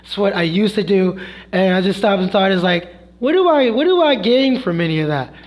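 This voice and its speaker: A man with a notably high-pitched voice rants to his stream in a frustrated, heated way. He swears constantly and retells an argument by slipping into quoted voices for himself and others. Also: animated, fairly quick. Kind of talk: heated storytelling rant.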